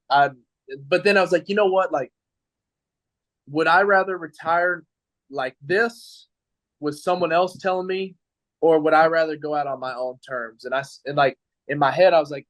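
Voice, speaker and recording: A young adult man, a pro baseball pitcher, tells his story in a casual interview, rambling and quoting his own thoughts with lots of "like". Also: no echo, poor audio. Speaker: professional baseball pitcher, guest.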